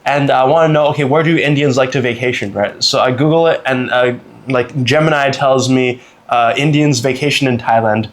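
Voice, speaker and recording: A man's voice: mid-range voice, normal speed, hardly any pauses. Young Canadian man telling stories. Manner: relaxed, lots of fillers and laughs. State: recovering from a cold. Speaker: podcast host. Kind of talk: casual storytelling. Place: indoors, on vacation.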